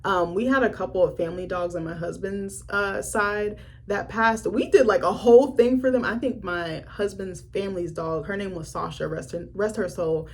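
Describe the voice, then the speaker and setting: A young woman reviewing a film in a casual, animated vlog, swearing freely and acting out the characters' lines. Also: medium pitch, moderate pace, few pauses, a little hiss or hum.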